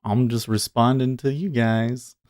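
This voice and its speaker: A man's voice: mid-range voice, fairly even intonation, unhurried, darkish tone, dry recording, studio quality. A man hosting a day trading livestream, thinking aloud in a rambling, casual way and laughing often.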